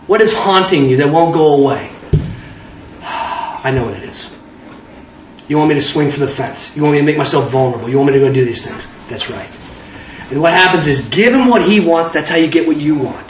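A man's voice: fairly high pitch, slight background noise. A man preaching an informal sermon, talking conversationally and acting out both sides of little dialogues. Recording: distant roomy hall, dull lo-fi sound.

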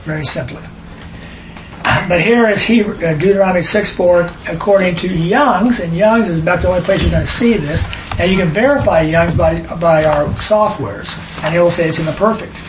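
A man's voice: sits high, fairly quick, reverberant, a little hiss or hum, low-quality recording. A man leading an informal Bible study, explaining points emphatically and wandering into asides while reading verses aloud. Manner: emphatic, digressive, reads scripture aloud.

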